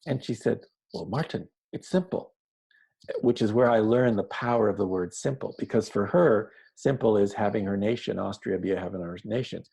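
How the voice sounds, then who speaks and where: Male interview guest, low husky gravelly voice, mellow tone, earnest storyteller. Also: fairly quick, hardly any pauses, low-quality recording. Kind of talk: conversational interview.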